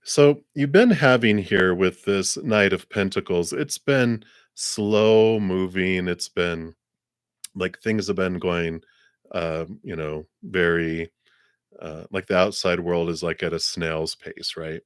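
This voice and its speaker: Male host giving live tarot readings, very low voice, dry close sound, easygoing and rambling. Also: slow pace, clear, resonant tone, no echo. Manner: relaxed, rambling, with fillers and spiritual talk. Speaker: tarot card reader, channel host. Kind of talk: live-stream card reading.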